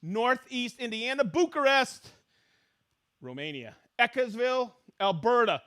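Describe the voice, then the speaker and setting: High, bright livestream host man. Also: unhurried. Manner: excited, playful, reading out viewer locations. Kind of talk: live-stream shout-outs to viewers.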